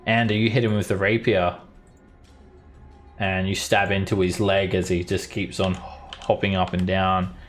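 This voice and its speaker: A man narrating as game master in a tabletop game, relaxed and halting with fillers. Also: sits low, soft background music.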